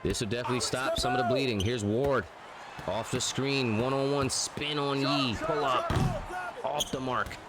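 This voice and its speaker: A man giving live, chatty play-by-play commentary on a basketball video game, getting excited and joking as he calls the action. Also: medium pitch, normal speed. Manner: excitable, chatty, jokes and argues with the refs. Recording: loud game crowd noise behind.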